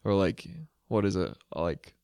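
A man's voice: deep voice, measured pace, a little mellow, clear, resonant tone, no echo, clean studio sound. A young man co-hosting a podcast, talking casually in a thoughtful, hesitant way as he searches for words. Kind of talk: casual conversational chat.

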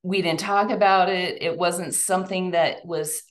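A woman's voice: lowish voice, fairly even intonation, measured pace. A woman giving a heartfelt personal testimony talk, speaking directly and earnestly to an audience of women. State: tearful at times.

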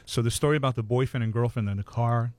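A man telling local ghost stories in a relaxed, measured way, matter-of-fact about the details. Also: medium pitch, no room sound. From Hawaii. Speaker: ghost storyteller guest. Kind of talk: casual ghost storytelling.

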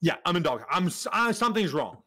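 A young man co-hosting a casual podcast, who swears freely and tells stories in a lively voice that rises and falls a lot. He acts out what people said in the story, and his voice sits a little high for a man. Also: fast talker. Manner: animated, swears often, acts out quotes. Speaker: podcast co-host.

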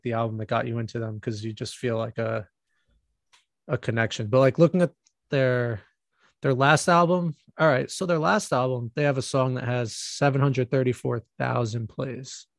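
A man co-hosting a music podcast, his voice gravelly and fry-laden. He rambles casually with lots of fillers and restarts. The sound is close and dry. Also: mid-range voice, dry recording. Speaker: podcast co-host.

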